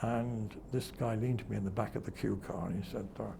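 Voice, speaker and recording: Gravelly older man telling anecdotes. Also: fairly low pitch, steady tone, fairly quick, background noise. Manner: chuckling storyteller who acts out quoted voices. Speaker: television presenter. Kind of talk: reminiscing interview anecdotes.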